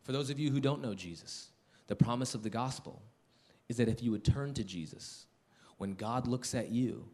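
A middle-aged pastor with a fairly low voice preaches a sermon, dropping to slow, hushed lines before rising into loud, excited storytelling.

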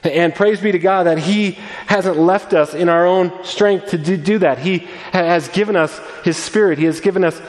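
A man's voice: high voice, normal speed, hardly any pauses. Man preaching in an echoing church. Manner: earnest, animated preaching with frequent restarts. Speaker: pastor. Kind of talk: sermon. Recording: long reverb of a large room.

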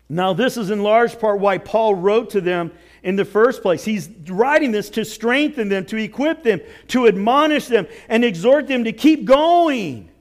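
A male pastor preaching a sermon with earnest exhortation, dropping to near whispers and rising to shouts. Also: high-pitched. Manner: swings from hushed to shouting.

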